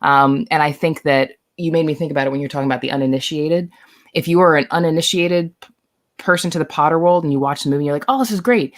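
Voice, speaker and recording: A woman on a podcast panel, rambling and animated, swearing freely as she chats casually. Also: deep voice, fast talker.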